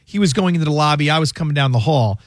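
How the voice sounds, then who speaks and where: A radio show host who is also a lawyer runs a casual talk show from a studio, rambling with frequent restarts, asides, and side stories. His voice is on the high side, expressive and racing. He's on a close studio mic with no room sound.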